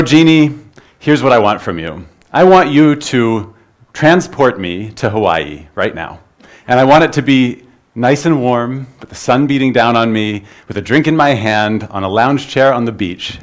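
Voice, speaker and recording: Man playing a fed-up software developer, slightly lower, loud and emphatic, daydreaming. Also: animated, normal speed, close to an everyday voice. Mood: wistful. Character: weary male software developer dreaming of escape.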